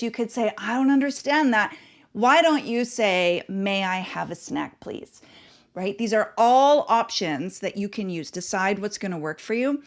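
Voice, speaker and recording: Earnest woman hosting a parenting podcast. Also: fairly high pitch. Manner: earnest, instructive, stacks short emphatic phrases. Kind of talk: advice podcast monologue.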